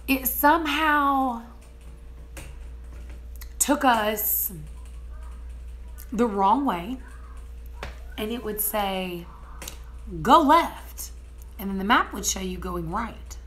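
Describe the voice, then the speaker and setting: A young woman, telling a story in a casual vlog, animated and laughing often as she acts out what people said. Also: a little high, drawn-out words, pauses often. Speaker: homestead vlogger.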